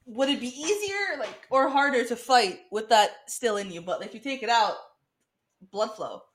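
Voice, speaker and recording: A woman with a lively, swooping voice chats about a film as a podcast co-host, laughing as she acts out scenes. Her voice carries the echo of a roomy space. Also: on the high side, normal speed. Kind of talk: casual movie reaction chat.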